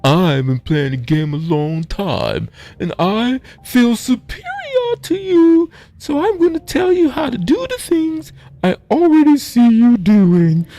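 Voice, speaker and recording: A man voicing a condescending know-it-all male gamer in a whiny, drawn-out mocking tone. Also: very high voice, big pitch swings, warm tone, pitched above the performer's own voice, exaggerated voice.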